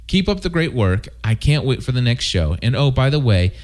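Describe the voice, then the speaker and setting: A man's voice: medium pitch, big pitch swings, darkish tone. A man co-hosting a fan podcast, reading listener emails aloud with frequent restarts. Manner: halting, with restarts. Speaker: podcast co-host.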